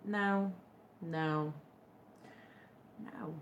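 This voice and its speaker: A woman's voice: medium pitch, very slow, creaky, dull audio, a little hiss or hum. A young woman with a Texan accent, chatting casually to her viewers and telling wry stories. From Texas. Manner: chatty, storytelling, wry and drawling. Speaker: vlogger. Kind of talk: casual chat to camera.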